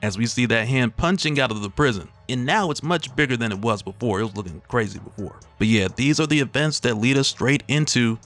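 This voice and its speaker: A man's voice: mid-range voice, brisk, hardly any pauses, faint music behind. Laid-back man recapping a comic. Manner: laid-back, slangy, lively storytelling. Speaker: comic book recap host. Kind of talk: casual comic story recap.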